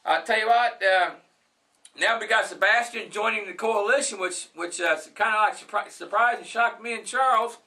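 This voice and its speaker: Bright, high-voiced rambling wrestling host. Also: male voice, moderate pace. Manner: rambling, repetitive promoter talk. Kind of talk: wrestling talk show chat.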